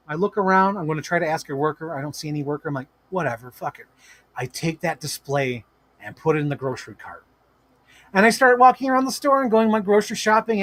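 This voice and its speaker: This is a man talking into the microphone of his home setup during a live stream. His voice sits a little high for a man, and the sound is dry and close. He tells stories in a loose, excitable way, swearing and laughing between sentences. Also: no room sound. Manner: animated, profane, laughing storyteller. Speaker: toy collector live streamer. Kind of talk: casual live-stream storytelling. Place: home room with toy shelves.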